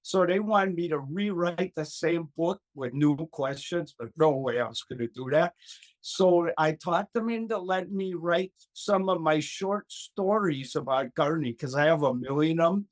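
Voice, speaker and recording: Lively older man telling stories. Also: a little high, moderate pace. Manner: lively storyteller, acts out voices, laughs often. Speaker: gardening expert guest. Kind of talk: animated storytelling in an interview.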